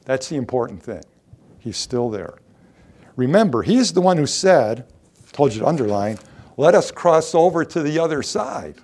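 A man's voice: medium pitch, sing-song, moderate pace, darkish tone. A middle-aged man preaching a sermon, asking rhetorical questions and reading scripture aloud.

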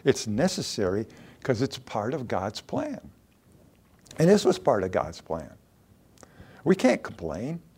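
A man's voice: mid-range voice, gravelly, a little mellow, slightly rough. A man preaching a conversational sermon to a congregation, growing emphatic when he acts out quoted lines.

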